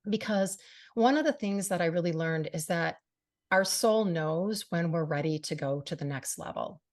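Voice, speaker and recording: A woman's voice: fairly low pitch, expressive, normal speed. A middle-aged woman hosting a radio show and podcast, speaking earnestly and from the heart to her listeners, often saying "you know". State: briefly tearful. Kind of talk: personal monologue to listeners.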